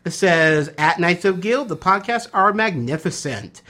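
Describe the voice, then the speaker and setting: A woman co-hosting a podcast in casual chat, reading listener messages and teasing her partner in a dry, relaxed way. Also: fairly low pitch, measured pace. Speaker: podcast co-host.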